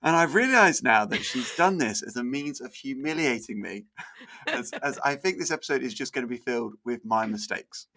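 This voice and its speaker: A man's voice: medium pitch, expressive, normal speed, sharp tone. A man, a pastor co-hosting a podcast, chatting casually, stumbling over words and laughing heartily.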